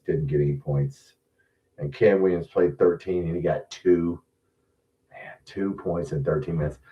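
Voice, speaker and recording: Blunt low-voiced man ranting, distant lo-fi mic. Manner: blunt, profane ranting with frequent restarts. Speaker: sports show host. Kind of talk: casual live-stream commentary.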